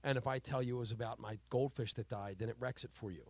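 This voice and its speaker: An animated man co-hosts a laid-back podcast, spinning stories, acting out what people said and laughing along the way. His voice sits at an ordinary middle pitch. The sound is close and dry, with no room around it. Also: fast talker, no room sound. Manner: animated storyteller, acts out quotes, laughs often. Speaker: podcast co-host. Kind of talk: casual chat.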